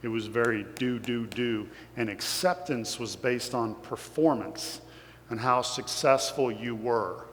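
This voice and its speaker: In an echoey hall with a faint hum in the background, a Kentucky-accented guest speaker from Kentucky addresses an audience with earnest, emotional motivation. His voice is mid-range and fairly bright, and he talks a little slowly.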